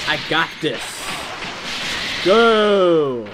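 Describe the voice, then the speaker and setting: A man commentating his own video game, hyped and loud, yelling and cursing at the characters on screen. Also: on the high side, lively intonation, takes it slowly, background noise. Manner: hyped, profane trash talk; yells at the screen. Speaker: gamer. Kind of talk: let's play commentary.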